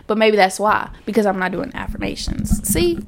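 A woman's voice: mid-range voice, gravelly, noisy background. A woman hosting a casual solo podcast, chatty, repeating affirmations with emphasis. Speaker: podcast host.

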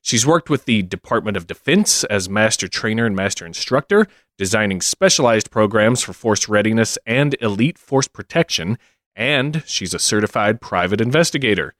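A man's voice: fairly low pitch, lively intonation, fairly bright tone, no room sound, studio quality. A man co-hosting a podcast in casual chat, who also reads out a guest introduction. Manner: easygoing, halting restarts, then smooth reading. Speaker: podcast co-host.

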